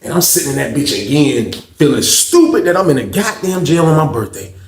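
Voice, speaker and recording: A young man spins his story in loose, profane, conversational bursts with a somewhat raised speaking pitch. The sound carries a noticeable roomy echo. He keeps checking in with the listener as he goes. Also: big pitch swings, brisk, gravelly, slight background noise. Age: young adult. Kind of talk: casual storytelling.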